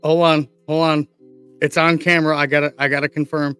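A man's voice: fairly high pitch, flat delivery, a little fast, fairly bright tone, clear, resonant tone, soft background music. A man co-hosting a casual chat, crude and teasing, swearing often. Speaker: show co-host.

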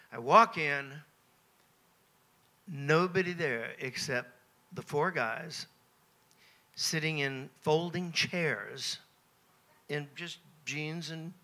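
An American man in his seventies, a guest at a Q&A on a cruise ship, telling anecdotes in a lively, self-mocking way and chuckling between phrases. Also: a little high. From United States. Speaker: interview guest. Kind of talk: anecdotal Q&A storytelling.

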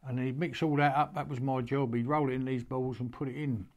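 A man's voice: medium pitch, steady tone, brisk, a little mellow. Older man telling a rambling story. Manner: rambling, homely, stops and restarts a lot, speaks with feeling. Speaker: horseman showing an antique. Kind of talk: casual storytelling to camera.

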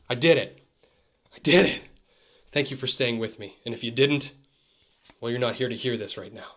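A young man from Canada hosting a card-opening video, chatting to camera in an excitable, jokey way that swings between loud bursts and muttered asides. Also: medium pitch, normal speed, pauses often. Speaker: card-opening channel host. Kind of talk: casual pack-opening chat to camera.

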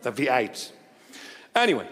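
A man's voice: mid-range voice, normal speed, a little hiss or hum. A man preaching a sermon in a church, telling stories with humorous asides. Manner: animated storytelling with humorous asides. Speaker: bishop, preacher. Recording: long church reverb.

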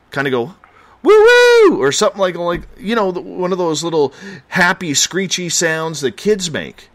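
A man's voice: medium pitch, fairly bright tone. A man from Canada hosting a late-night radio show, chatting and telling a story in a joking, easygoing way.

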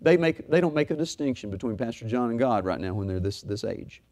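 A middle-aged man pastor preaching a sermon, swinging from loud fervor to soft, hushed talk. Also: medium pitch, animated, brisk.

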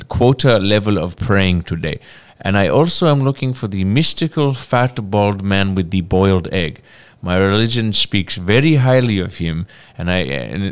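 A man's voice: on the low side, smooth, lightly acted. Man doing a jokey earnest traveller with a put-on Pakistani accent, clean voice. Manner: joking, giggly, exaggerated. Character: adult male tourist, mock Pakistani accent, earnest.

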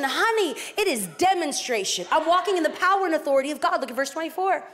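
A woman pastor with a high voice delivers a lively sermon. She preaches with energy, drops playful asides, and slips into other voices when she quotes people. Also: a little fast, hardly any pauses.

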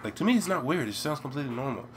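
A man's voice: medium pitch, lively intonation, rapid-fire, background noise. Rambling young American gamer guy. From United States. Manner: rambling, chatty, bursts into loud yelps. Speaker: let's play gamer. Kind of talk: game commentary.

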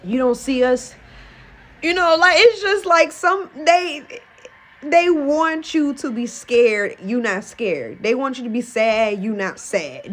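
Young woman reading tarot casually, high-pitched, salty and animated. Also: a little slow. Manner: blunt, profane, animated. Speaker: tarot reader.

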